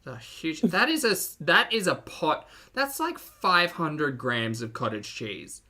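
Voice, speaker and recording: A man's voice: a little high, very animated, unhurried, sharp tone. A man with an Australian accent hosting a live reaction stream, chatting casually, laughing often and reading out chat messages.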